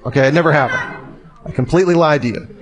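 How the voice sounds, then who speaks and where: A man's voice: a little high, fast talker, a crowd in the background, background noise. A man speaking to a live audience in a conversational, storytelling way with rhetorical questions.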